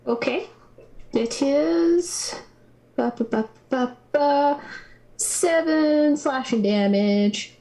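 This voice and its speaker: A woman playing a tabletop game, relaxed and casual as she calls out her rolls. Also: high-pitched, very slow. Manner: relaxed, counting rolls aloud. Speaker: player.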